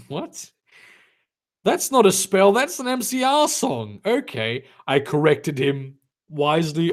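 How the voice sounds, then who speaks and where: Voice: mid-range voice, big pitch swings, takes it slowly. Sarcastic, swearing comedic reader. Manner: sarcastic, exasperated, swears often. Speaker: fanfiction reader and commentator. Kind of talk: comedic dramatic reading with commentary.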